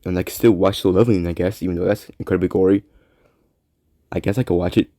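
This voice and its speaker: Man, lowish mellow voice, casual solo monologue, rambling, repeats himself, dry sound. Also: fairly even intonation, fast talker, no echo. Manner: rambling, repeats words, trails off into mumbled asides. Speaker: podcast host.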